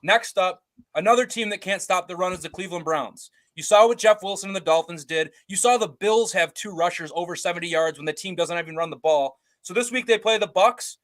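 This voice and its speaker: A man's voice: high voice, brisk, a bit bright. A man co-hosting a casual sports betting podcast, giving his picks with blunt confidence. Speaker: co-host picking bets.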